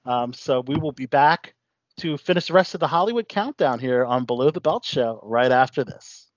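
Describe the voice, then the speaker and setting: A man's voice: medium pitch, lively intonation, normal speed, muffled recording. A man hosting a casual radio talk show, rambling with lots of fillers.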